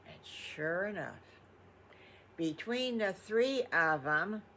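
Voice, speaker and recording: A woman's voice: fairly low pitch, expressive, slow, a bit bright, slight background noise. An older woman, improvising a children's story in a chatty, rambling way full of fond exclamations. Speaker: storytelling grandmother.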